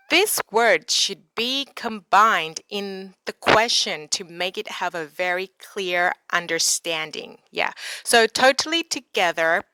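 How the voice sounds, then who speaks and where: A woman with a bright, crisp, clear tone teaches English in a casual vlog. She chats along and repeats example words slowly so they sink in. The sound is close and dry, with no room around it. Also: mid-range voice, dry recording. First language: Thai.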